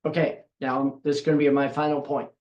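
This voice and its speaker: A man's voice: medium pitch, flat delivery, fairly quick, a little mellow, dull audio. A man giving a devotional Bible teaching, emphatic and fond of repeating phrases for stress. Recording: roomy echo.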